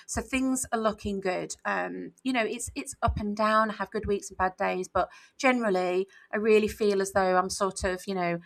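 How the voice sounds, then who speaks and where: A woman's voice: medium pitch, poor audio. Candid, reflective woman chatting on a podcast. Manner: candid, reflective, with many "you know"s and restarts. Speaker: author and podcast co-host. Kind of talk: casual podcast chat.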